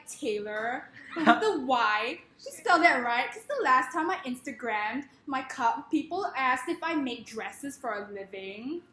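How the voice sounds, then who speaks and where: A woman's voice: high voice, pushed and bright, a little hiss or hum, heavily acted. A woman voicing a ditzy, bubbly young American woman whose sentences lilt upward and are filled with "like". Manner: sentences lilting up at the ends, filled with "like". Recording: echoey room.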